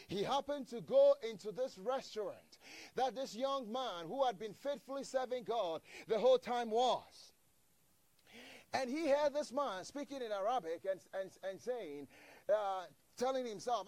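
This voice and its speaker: A man delivering a sermon in a high voice, rising and falling in emphasis as he tells a story. He often trips into repeated words and restarts, then acts out the characters' lines. The sound is close and dry. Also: animated, moderate pace, darkish tone, dry recording. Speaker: preacher.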